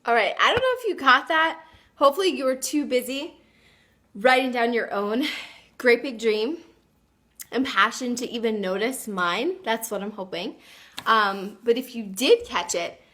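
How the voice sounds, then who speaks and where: Hosting a motivational livestream, this woman talks earnestly and with emphasis while reading viewer comments aloud. Her fairly high voice is animated and sharp in tone, at a normal speed.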